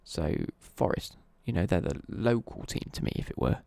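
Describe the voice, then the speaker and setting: A man's voice: low voice, expressive, moderate pace, dark tone, dry recording. A young man, chatting casually on a live stream, rambling, correcting himself and swearing lightly as he answers viewer questions. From East Midlands, England.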